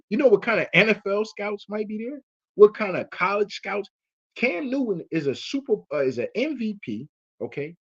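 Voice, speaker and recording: Man host, slightly high voice, profane rambling storyteller, muffled lo-fi recording. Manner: profane, rambling, lots of fillers. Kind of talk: casual commentary and storytelling. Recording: muffled lo-fi audio.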